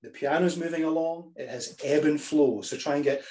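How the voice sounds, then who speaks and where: A man teaching healthy, lively choral singing, talking through the ideas and breaking into sung examples with frequent restarts. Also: on the high side, moderate pace. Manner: demonstrates phrases by singing, restarts often.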